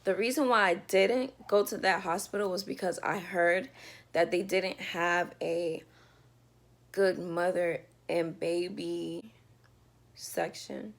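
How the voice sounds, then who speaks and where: A woman's voice: fairly low pitch, fairly even intonation, slow pace. A woman telling a personal story in a casual storytime vlog from her bedroom, talking loosely with lots of fillers. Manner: chatty, loose, with many fillers. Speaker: vlogger telling a birth story.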